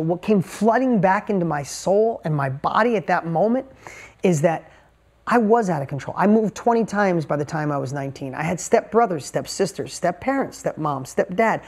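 A man's voice: on the high side, creaky, darkish tone. Emphatic middle-aged man telling a story. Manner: emphatic, emotional, repeats words for punch. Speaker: motivational speaker. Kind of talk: motivational storytelling talk.

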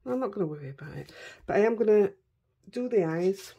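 A woman's voice: medium pitch, lively intonation, brisk, breathy edge, lo-fi sound. A middle-aged woman with a Yorkshire accent chatting casually as she crafts, talking to herself and her dogs as she works. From Yorkshire, England. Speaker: craft vlogger.

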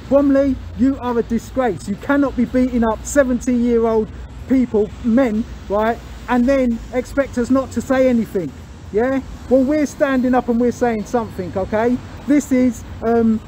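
A man speaks outdoors into a handheld camera. His voice sits high but sounds soft and mellow. He talks indignantly, piles in ums and keeps ending lines with "yeah?", with a faint hiss of noise behind him. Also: rough recording. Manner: indignant, repeats "yeah?" as a tag, um-filled. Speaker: video auditor and channel host. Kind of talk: filmed street vlog to camera. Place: outdoors by a police station.

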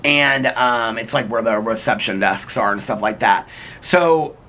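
Male vlogger, bright voice, chatty and rambling, reads comments. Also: mid-range voice, unhurried, a little hiss or hum. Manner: chatty, rambling, heavy use of "like". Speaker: vlogger reading viewer comments. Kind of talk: casual chat.

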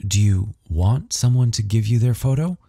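A man voicing a quiet, earnest teenage boy who asks curious questions. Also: fairly low pitch, lively intonation, moderate pace, creaky, dry recording, studio quality.

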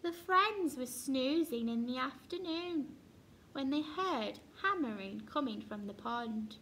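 A woman teacher reading a picture book aloud to young children with slow, expressive storytelling. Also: high-pitched, slight background noise.

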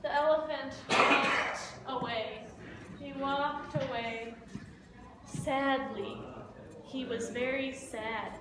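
A woman's voice: sits high, steady tone, takes it slowly, recorded from a distance, heavy background noise. A woman teacher telling a simple story to language learners, repeating key words over and over. She recorded in an echoey room a little away from the mic. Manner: simple, repetitive retelling. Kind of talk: slow story-listening lesson.

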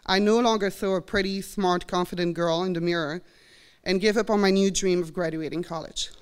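A Belgian woman in her forties, speaking with a Belgian French accent, tells a personal story on a college stage before an audience. Her voice is fairly low and smooth, with a steady tone and a fairly quick pace. In this live storytelling performance she sounds earnest and reflective, acting out the voices she quotes.

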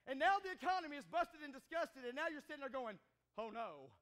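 High-voiced preaching man, animated. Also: fairly quick. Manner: animated, shouting and joking with the congregation. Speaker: pastor. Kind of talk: sermon. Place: church sanctuary.

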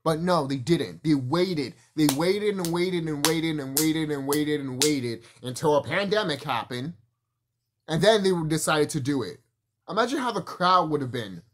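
A man's voice: on the high side, animated, moderate pace. A man giving a casual, profane, rambling opinion rant about wrestling, with frequent restarts and laughter. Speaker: wrestling commentary vlogger.

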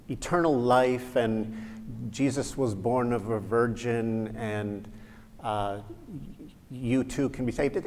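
A man voicing a skeptical male humanist in a spoken joke, talking haltingly and candidly in a reverberant hall. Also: medium pitch, darkish tone. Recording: reverberant lecture hall, faint ambience.

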